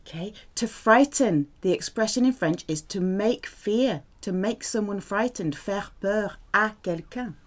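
A woman's voice: mid-range voice, measured pace, hardly any pauses. A woman teaching French vocabulary, speaking patiently and repeating words with careful pronunciation. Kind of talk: vocabulary lesson.

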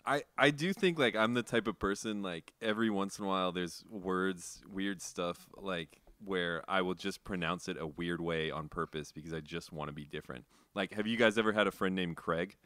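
A man co-hosting a podcast in casual chat, animated and laughing often. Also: low voice, moderate pace, hardly any pauses, no room sound. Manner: animated, laughs often, playful mock voices. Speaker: podcast co-host.

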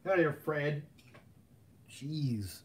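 A man's voice: fairly high pitch, animated, slow, a little hiss or hum. A man casually chatting on a live stream about custom action figures, rambling with plenty of fillers. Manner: rambling, filler-heavy, easygoing.

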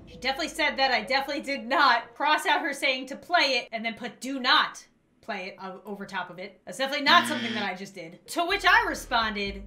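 A woman's voice: high voice, fairly quick, faint music behind. A woman hosting a gaming video, giving playful commentary, joking sarcastically and reading game dialogue aloud. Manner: expressive, sarcastic, reads game text aloud. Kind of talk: playful let's-play commentary.

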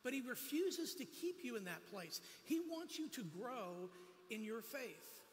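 A man's voice: extremely high pitch, big pitch swings, unhurried, big-room sound, a little hiss or hum. A man giving a sermon as a guest preacher at a church, telling personal stories with humorous asides. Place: church sanctuary.

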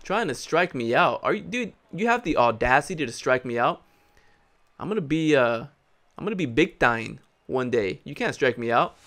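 Young male gaming host, average-pitched voice, playful trash talk over his ballgame, breaks into rapid repeated cheers. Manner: hyped, jokey, trash-talks the game characters; repeats words in excited bursts. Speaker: gaming YouTuber. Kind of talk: live gameplay commentary.

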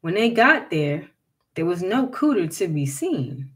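A woman reads a folktale aloud in a measured, expressive storytelling manner, her voice on the low side.

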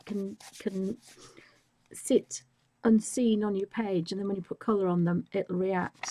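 A woman hosting a live drawing tutorial, talking softly and often half-whispering as she works, her voice a little squeaky and rough. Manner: soft-spoken, often half-whispered while working. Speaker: art tutorial host.

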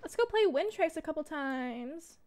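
A woman's voice: sits high, animated, moderate pace, a little mellow, slight background noise. A young woman streamer chatting casually to herself while playing a game, swearing when she loses. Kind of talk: casual gaming livestream chat. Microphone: desk mic, wearing headphones.

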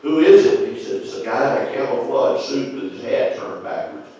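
Preacher in an echoey church. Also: male voice, mid-range voice, expressive, normal speed, creaky, a little hiss or hum. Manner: swings from hushed storytelling to loud sung and shouted preaching. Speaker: visiting minister. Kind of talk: Pentecostal sermon storytelling. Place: church sanctuary. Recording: echoey church room heard from a distance.

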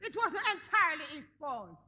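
This is a defiant young daughter in a stage comedy. Her voice rides very high and sounds piercingly bright, and her pitch swings widely. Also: big pitch swings, fairly quick, exaggerated voice. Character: defiant adult daughter standing up to her mother. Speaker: actor in a comedy stage play.

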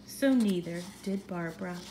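A woman reading a children's storybook aloud in an expressive, animated way. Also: lowish voice, normal speed, a little hiss or hum.

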